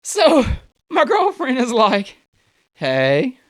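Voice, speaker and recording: A young man performs stand-up, telling a story with lively swings of pitch as he acts out each person in it. The sound is dry and close. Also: normal speed, no room sound. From United States. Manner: animated, acts out voices with big pitch jumps. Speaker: stand-up comedian.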